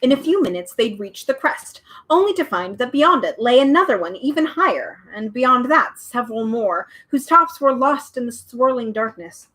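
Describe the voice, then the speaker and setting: A woman's voice: fairly high pitch, lively intonation, moderate pace, hardly any pauses, fairly bright tone, low-quality recording. A woman reading a children's book aloud at home, with chatty, bubbly asides. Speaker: storyteller.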